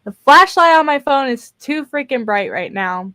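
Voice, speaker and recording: A woman's voice: high voice, lively intonation, normal speed, sharp tone. A young woman streaming casually from her bedroom, tired and rambling, repeating words and laughing between fillers. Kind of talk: casual live-stream chat. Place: bedroom at home.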